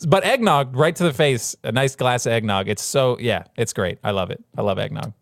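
A man's voice: medium pitch, fairly quick, creaky, no echo, studio quality. A man co-hosting a podcast about movies, chatting casually and acting out other people in put-on voices. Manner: animated, acts out people in put-on voices, laughs often. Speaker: podcast co-host. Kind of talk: casual chat.

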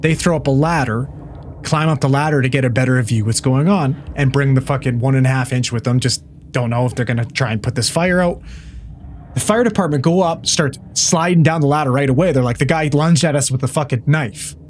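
A paramedic tells a wild story from a call in casual conversation, swearing freely and acting out what everyone said. His voice is medium-pitched and fairly quick, with a little hiss or hum.

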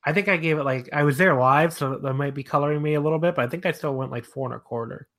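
A man's voice: on the high side, fast talker, a bit bright. Male podcast host, casual and enthusiastic, steers the chat with questions.

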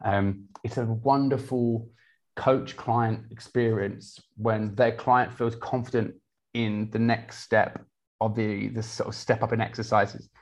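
A man, a personal trainer talking casually in an interview, energetic, with many restarts. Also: lowish voice, a little slow. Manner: energetic, many restarts, quotes clients in lively voices.

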